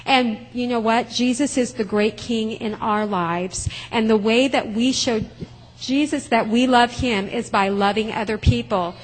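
Woman storyteller for a children's sermon, husky voice, long reverb of a church hall. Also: a little high, measured pace. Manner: expressive, simple storytelling.

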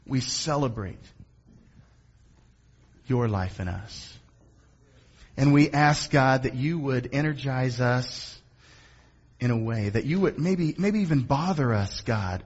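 Husky, earnest male pastor praying. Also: mid-range voice, lo-fi sound. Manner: earnest, unhurried, softly prayerful. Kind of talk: sermon and pastoral prayer.

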